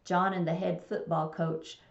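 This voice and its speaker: A woman's voice: fairly low pitch, level tone, a little slow. A woman teaching a recorded grammar lesson, explaining plainly and reading example sentences aloud. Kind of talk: recorded test-prep lesson. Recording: echoey room, dull lo-fi sound.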